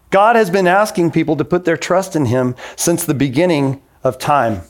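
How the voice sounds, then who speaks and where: A man's voice: a little high, lively intonation, moderate pace, few pauses. A man in his forties preaching a sermon in a casual, conversational way, acting out the voices he quotes. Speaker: pastor.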